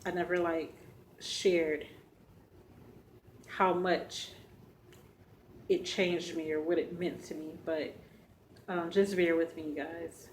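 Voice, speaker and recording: A woman vlogger telling a personal story to her viewers, earnest and halting, speaking straight to them. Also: lowish voice, little pitch movement, a little hiss or hum, rough recording. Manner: earnest, addresses viewers directly; halting, emotional retelling.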